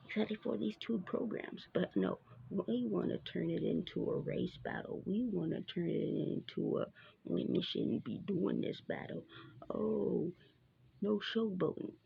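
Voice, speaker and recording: A woman's voice: fairly low pitch, very animated, moderate pace, vocal fry, breathy edge, lo-fi sound. A woman hosting her own basketball show, chatting casually through a sports recap with lots of fillers and asides.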